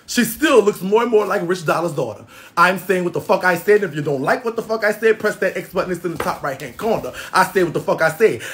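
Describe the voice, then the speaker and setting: Sitting high and a bit bright, this man's voice carries a boastful, swaggering roast rant. He's an internet personality who swears nonstop and laughs often throughout the comedic tirade.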